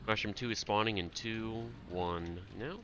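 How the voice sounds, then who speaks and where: Low, bright-voiced man muttering gameplay calls. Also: a little slow, a little hiss or hum. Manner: mutters to himself, calls out raid mechanics. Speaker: streamer and raid player. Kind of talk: casual gameplay commentary.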